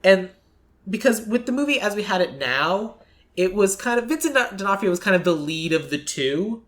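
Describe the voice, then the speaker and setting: A podcast host in casual chat, talking loosely with lots of "like" and quick acted-out quotes. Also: mid-range voice, very animated. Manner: chatty, fills speech with "like", acts out quick quotes.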